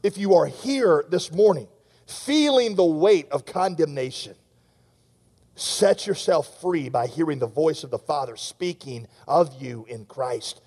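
Man preaching, high voice, earnest, direct rhetorical questions, long hall reverb. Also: animated, normal speed, a little mellow. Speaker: pastor. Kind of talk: sermon.

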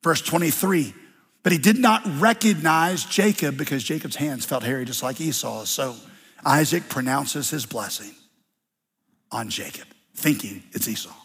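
Male pastor, wry conversational sermon; husky, hall reverb. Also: medium pitch, lively intonation, moderate pace, fairly bright tone.

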